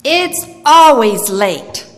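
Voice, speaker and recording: A woman voicing a kindly old immigrant woman with slow, gracious speech. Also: on the high side, big pitch swings, faint music behind, voice pushed up, heavily acted. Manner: slow, warm, gracious offering. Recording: long hall reverb.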